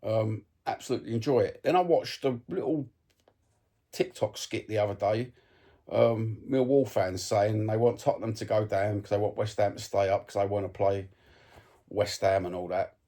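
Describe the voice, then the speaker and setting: A man's voice: lowish voice, moderate pace, mellow. A Cockney man from East London, ranting bluntly and swearing to his phone camera about football, full of ums. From East London, England. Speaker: football fan vlogger. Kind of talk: casual ranting monologue to camera.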